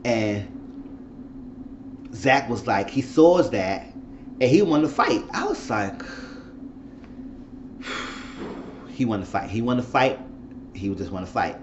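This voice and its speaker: A man talks through a TV episode in a loose, chatty recap, with a voice of middling pitch. He breaks into loud reactions to what the characters do. The recording sounds a bit dull, with a faint hiss behind him. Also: animated, takes it slowly, pauses often. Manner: chatty, reacts loudly to the plot. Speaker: TV show reviewer.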